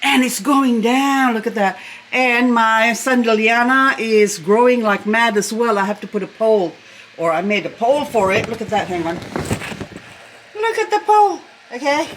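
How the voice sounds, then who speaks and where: A woman's voice: a little high, steady tone, moderate pace, fairly bright tone, a little hiss or hum. A woman vlogger at home, talking casually and rambling, often laughing as she chats. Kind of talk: casual chatty vlog. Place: at home indoors.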